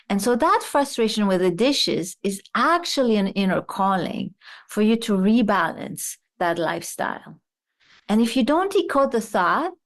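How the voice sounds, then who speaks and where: Woman psychologist explaining with examples. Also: medium pitch. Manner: explains with worked examples and rhetorical questions. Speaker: psychologist guest. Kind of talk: explanatory interview talk.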